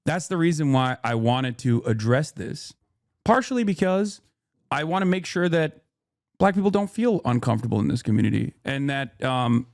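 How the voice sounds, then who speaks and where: A man hosting a live stream talks straight to his chat in a loose, unscripted way. He moves between joking pushback and earnest explaining, often restarting sentences as he works out his point. His voice sits at an ordinary middle pitch, recorded close and dry. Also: no echo. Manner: frequent restarts and filler while thinking aloud. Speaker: livestream host. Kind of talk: casual live-stream commentary.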